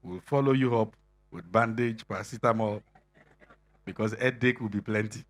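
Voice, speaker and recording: A middle-aged man preaching a sermon to singles in a conversational style, laughing often and building to loud emphasis. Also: lowish voice, normal speed.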